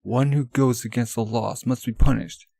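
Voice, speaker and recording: A man doing an angry tribal warrior, gravelly. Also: medium pitch, fairly even intonation, moderate pace, dark tone, dry recording. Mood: accusing. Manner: accusing and scolding. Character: angry male tribal warrior hunting a runaway.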